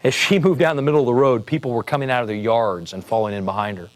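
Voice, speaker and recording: A man, a police sergeant, telling a story in a relaxed, conversational way with frequent fillers and restarts. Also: mid-range voice, quick pace. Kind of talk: storytelling talk.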